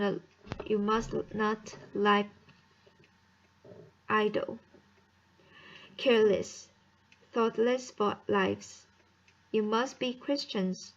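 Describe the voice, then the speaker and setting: A woman reading the lines of a gentle, dying young girl, slowly and haltingly with restarts. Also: mid-range voice, highs cut off, close to an everyday voice.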